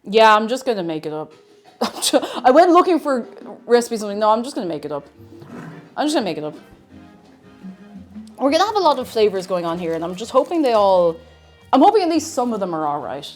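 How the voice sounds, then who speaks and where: This woman's voice is fairly high with big swings in pitch, and she speaks a little fast over soft background music. It's a casual cooking live stream from her home kitchen, full of self-mocking rambles aimed at herself and her chat.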